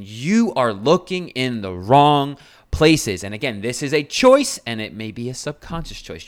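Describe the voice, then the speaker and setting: A man's voice: mid-range voice, fairly bright tone. A man hosting a solo podcast as a health coach, talking bluntly and casually with swearing and fillers.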